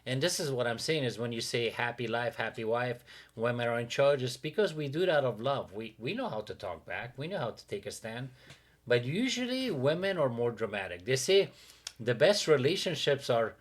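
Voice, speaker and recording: A man co-hosting a podcast, telling a dating story in a casual, animated way and acting out what others said. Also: mid-range voice, normal speed. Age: adult with a teen-era dating life, father. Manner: animated, acts out quotes of others. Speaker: podcast co-host.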